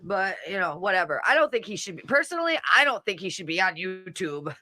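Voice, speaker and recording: A woman's voice: mid-range voice, very animated, a little fast, sharp tone, no echo. A woman hosting a casual livestream, reading comments and mocking people in a brash, profane way. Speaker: livestream host.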